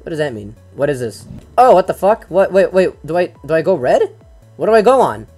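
A young man giving casual let's-play commentary as a gaming channel host. He gets excitable, swears often and yells at the game. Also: on the high side, a little fast, faint music behind.

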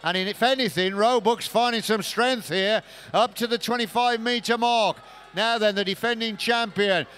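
A man giving live swimming race commentary, building to shouts at close finishes. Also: high-pitched, moderate pace.

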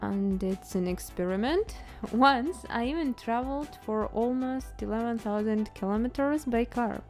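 A woman with a Russian accent talks through a language lesson at a slow, easy pace. Her voice is a little high and mellow. Soft music plays quietly behind her. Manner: chatty, playful, asks herself questions. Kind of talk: casual educational talk to camera.

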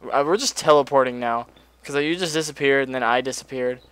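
A young man playing a horror game with a friend, easygoing and quick to laugh. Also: medium pitch, a bit bright, clear, resonant tone, no echo. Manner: easygoing, giggly, playful. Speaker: gaming co-player. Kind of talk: casual let's-play banter.

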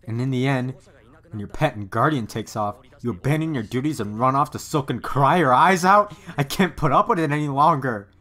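A man's voice: mid-range voice, a little fast, a bit bright, close to an everyday voice. Casting: actor as a stubborn, devoted young man, earnest and intense, for an anime dub. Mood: harsh. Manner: earnest, heartfelt confession.

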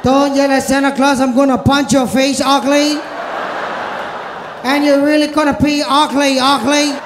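A man's voice: very high voice, flat delivery, a little slow, echoey room, big-room sound, background noise. A man doing a cranky custodian Santa. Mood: scolding. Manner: scolding, threatening. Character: grumpy male custodian playing Santa Claus.

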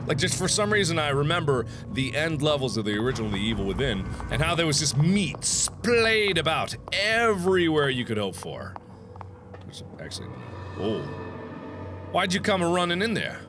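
Excitable man doing horror game commentary. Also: on the high side. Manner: excitable, jokey, swings from mutters to shouts. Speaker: gaming YouTuber.

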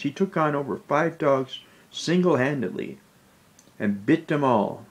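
A man talking in a personal vlog, emotional and close to tears, rambling in a low, subdued voice. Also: expressive, a little slow. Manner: tearful, rambling, speaks low and subdued with sudden angry outbursts. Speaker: vlogger.

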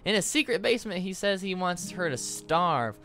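A man plays a small, pushy male bird with a Southern US drawl. The voice squeaks far above a normal man's and sounds bright and edgy. The bird talks in urgent bursts. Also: lively intonation, moderate pace, full character voice.

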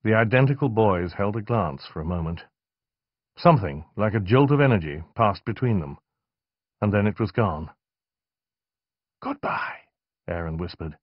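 Brief: male audiobook reader, low and animated, dry, muffled studio sound. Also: moderate pace, no room sound. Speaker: audiobook narrator. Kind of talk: scripted narration.

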